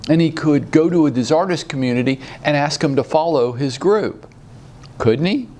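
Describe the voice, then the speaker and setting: A man gives an animated, rallying coaching talk full of rhetorical questions. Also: on the high side, normal speed. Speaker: real estate sales coach. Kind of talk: motivational training talk.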